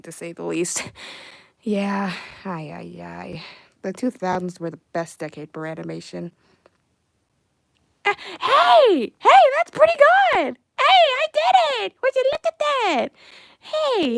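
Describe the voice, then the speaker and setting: A young woman chatting casually on a livestream while she animates, reading chat messages aloud and breaking into excited outbursts. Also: mid-range voice, no room sound.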